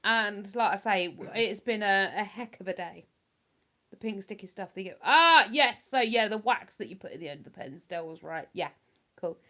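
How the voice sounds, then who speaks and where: A woman hosts a casual livestream, chatting to her viewers and reading their comments aloud in a rambling, self-deprecating way. Her mid-range voice is animated, pushed, and bright, at a normal speed.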